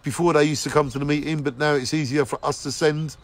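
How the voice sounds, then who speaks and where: A man, hosting a daily live show and warmly giving repeated shout-outs to viewers by name. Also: a little high, steady tone, quick pace, rough recording. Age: 40s. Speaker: live-stream host.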